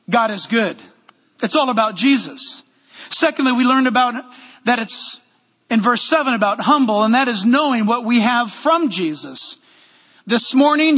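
High, bright-voiced pastor preaching energetically. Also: male voice, long reverb tail. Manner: energetic, loud preaching with asides. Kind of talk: sermon. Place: church sanctuary.

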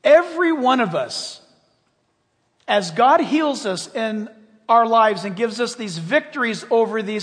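A man's voice: sits high, a bit bright, in a large hall. A male pastor preaching a sermon, emphatic and full of rhetorical questions to the congregation.

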